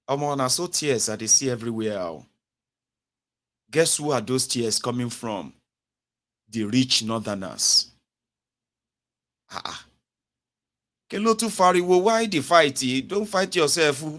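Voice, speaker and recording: A young Nigerian man with a Pidgin-inflected accent giving a mocking, animated satirical political monologue, swinging from loud rants to low mutters. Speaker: political commentator.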